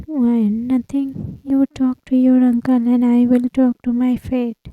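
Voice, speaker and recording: A woman tells a romance story in the first person and reads everyone's lines herself. Her voice sits fairly high yet sounds dark and mellow, and she moves at a slow, careful pace. The recording is close and dry, with no room sound. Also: steady tone, no room sound, poor audio. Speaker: storyteller reading a fan fiction.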